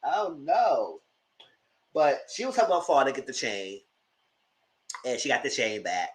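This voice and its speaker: A man gives a chatty, gossipy recap of a TV episode, his voice sitting at an ordinary middle pitch but swinging widely up and down. He swears freely and jumps into high, squealed reactions. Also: measured pace, slight background noise. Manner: animated, gossipy retelling with frequent swearing; breaks into high squealing exclamations. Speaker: TV show reviewer and channel host. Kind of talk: casual TV recap commentary.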